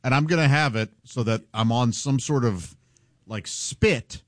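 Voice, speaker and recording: A man's voice: medium pitch, a little slow, no echo, clean studio sound. A man co-hosting a radio show, with wry, sarcastic humor in casual banter. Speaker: radio co-host.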